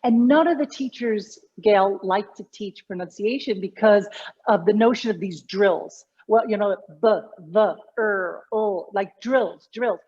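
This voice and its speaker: A woman's voice: mid-range voice, a little slow, a little mellow, husky, lo-fi sound. A middle-aged woman, a communication coach, explaining her work animatedly in an interview, often restarting her sentences. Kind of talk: conversational interview.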